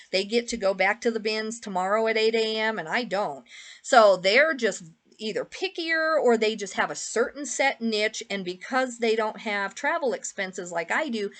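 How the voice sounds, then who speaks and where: A woman's voice: fairly high pitch, fairly bright tone. A woman reseller chatting casually through a clothing haul, rambling with lots of fillers and asides. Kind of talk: casual haul vlog chat.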